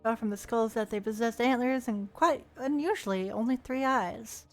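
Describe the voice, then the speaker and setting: Over soft, faint game music, a woman streamer with a slightly high voice plays a game at a moderate pace. She's playful and chatty, reading the game's text aloud and tossing in jokes and asides between lines.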